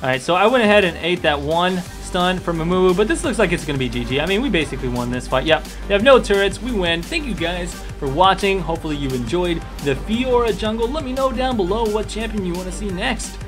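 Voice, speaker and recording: A young man casually commentating his own video game match, upbeat and excitable, with a hiccup now and then. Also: high-pitched, fast talker, few pauses, music in the background. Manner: upbeat, excitable, chatty with fillers. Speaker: gaming commentator.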